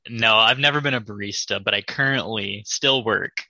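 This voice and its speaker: A young man chatting casually, telling animated stories and laughing often. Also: lowish voice, moderate pace, creaky, dry recording, rough recording. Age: young adult. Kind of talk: casual chat.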